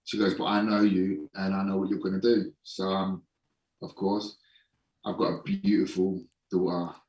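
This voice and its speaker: A man in a casual podcast interview, a holistic performance coach who speaks frankly and swears casually, slowing down for emphasis. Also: low-pitched, flat delivery, a little mellow, distant mic. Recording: echoey room, voice somewhat off-mic.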